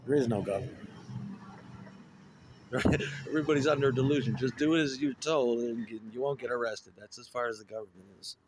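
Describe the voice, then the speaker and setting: Man, mid pitch, rambling profane storyteller, faint hiss behind. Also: a little fast, long pauses. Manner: profane, digressive, wry storytelling. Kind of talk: rambling casual monologue.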